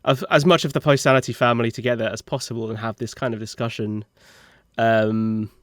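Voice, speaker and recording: A man who produces the show talks casually over a call. His manner is dry and measured, with hesitant starts. His mid-range voice sounds dry and close. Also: mid-range voice, flat delivery, dry recording. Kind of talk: casual chat on a video call.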